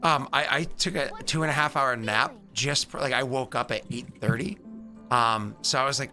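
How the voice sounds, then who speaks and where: A man's voice: mid-range voice, moderate pace, bright, forceful tone, faint music behind. A man hosting a tabletop game stream, chatting casually and rambling with lots of fillers. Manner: rambling, many fillers and restarts. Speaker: stream host. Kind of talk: casual pre-game chat.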